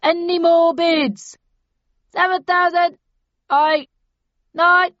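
A woman's voice: very high-pitched, steady tone, no echo, voice pushed up, full character voice. A woman voicing a smug, cold male auctioneer. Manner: cold, mocking, drawn-out. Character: smug tall male auctioneer, hard-nosed dealer. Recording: dull dry studio recording.

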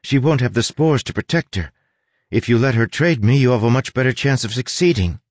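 A man's voice: mid-range voice, fairly quick, a little mellow, no room sound, pitched above the performer's own voice, close to an everyday voice. A man voicing a young woman who is anxious but determined, speaking with earnest urgency. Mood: urgent.

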